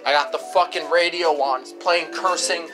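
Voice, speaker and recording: A woman's voice: deep voice, steady tone, moderate pace, over music. A woman hosting a home-made radio show, ranting angrily with lots of swearing and repetition. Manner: profane, repetitive, escalating frustration. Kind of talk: angry rant.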